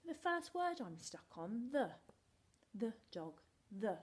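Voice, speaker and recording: A woman with a fairly high voice leads a recorded phonics lesson for small children. She takes her time, stretching and sounding out each word letter by letter in a playful, sing-song manner, as if she needs the children's help to get it right. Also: sing-song, takes it slowly. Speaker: primary school teacher.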